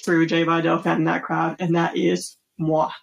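A woman's voice: deep voice, completely flat delivery, moderate pace, gravelly, muffled recording. A woman co-hosting a podcast, chatting casually with short, blunt replies and playful swagger. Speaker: podcast co-host. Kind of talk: casual chat recapping wrestling shows.

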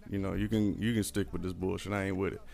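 A man's voice: deep voice, little pitch movement, fast, creaky, darkish tone. A man voicing a fed-up young male coworker who grumbles with plenty of cursing. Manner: grumbling, profane.

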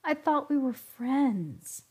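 A woman's voice: sits high, expressive, slow pace, darkish tone, pitched above the performer's own voice. A woman narrating puts on an anxious young man in a read-aloud story. He pleads and protests, sounding uneasy and reluctant throughout. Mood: pleading.

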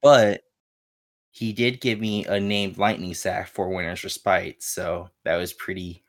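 A man's voice: low-pitched, flat delivery, measured pace. A man co-hosting a casual gaming podcast, laid-back and hesitant, full of fillers as he recounts his play. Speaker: podcast co-host.

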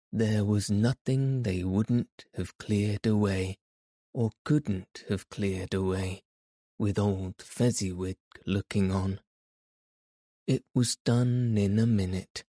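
A man narrating a classic story in an expressive, measured audiobook reading. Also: fairly low pitch, no room sound, studio quality.

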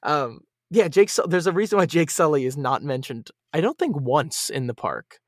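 A fairly high-voiced man argues his point in a lively, swinging tone, laughing often as he goes. The sound is dry and close, with no room around it. He talks like a podcast guest in relaxed conversation. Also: moderate pace, no room sound. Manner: animated, opinionated, laughs often. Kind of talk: casual chat.

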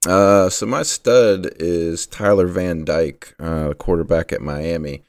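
Very deep-voiced wry man. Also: steady tone, slow pace, no room sound, clean studio sound. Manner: wry, sarcastic. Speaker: podcast co-host. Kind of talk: casual sports chat.

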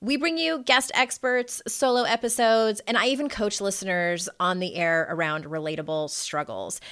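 A woman's voice: medium pitch, moderate pace, a bit bright, smooth. A woman reading a scripted, upbeat promo for her own self-help podcast.

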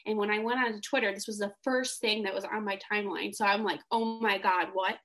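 A young woman co-hosting a casual fan podcast, animated and gushing, laughing often. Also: mid-range voice. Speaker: podcast co-host.

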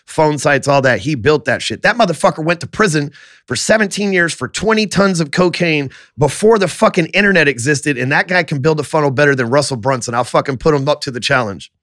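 A man telling his life story on a podcast in a profane, animated way. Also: on the high side, a little fast, no echo, clean studio sound.

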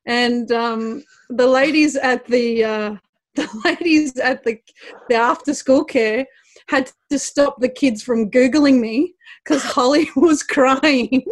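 A high-pitched woman telling a funny family story in a loose, chatty way. She laughs often and trips over her own sentences as she goes. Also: slow pace. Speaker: guest, athlete and mother. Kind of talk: casual podcast chat.

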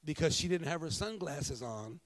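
A male pastor preaching a sermon, telling a story and moving between hushed, slow moments and emphatic bursts. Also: a little high, expressive.

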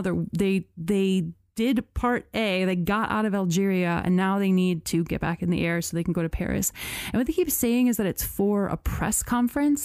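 Chatty woman with a mellow voice. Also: mid-range voice, no room sound, studio quality. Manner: chatty, lots of "like" and "you know", laughs often. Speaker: podcast host. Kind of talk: casual storytelling chat.

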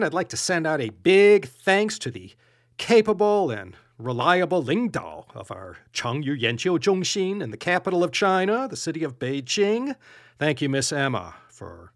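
A man hosting a podcast, telling an old tale in an animated, playful storytelling way. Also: on the high side, dry recording, studio quality. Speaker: podcast host.

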